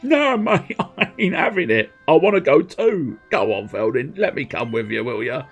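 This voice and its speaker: A man voices an excitable young game miner who talks. The voice jumps up high and pleads, slightly husky. Faint game music plays underneath. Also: moderate pace, dull audio. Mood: pleading.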